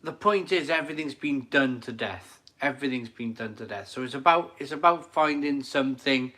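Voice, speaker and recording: Live-streaming from his kitchen at home, this middle-aged man talks at a moderate pace in a medium-pitched voice with a sharp tone and hardly any pauses. He rambles enthusiastically, repeating phrases while reading viewer comments aloud.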